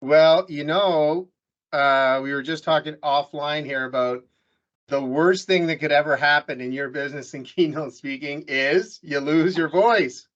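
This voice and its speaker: A man's voice: a little high, a little slow, fairly bright tone, dull audio. A man hosting a business podcast, telling stories in a loose, jokey way with many restarts. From Canada. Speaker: podcast host. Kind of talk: casual business interview chat.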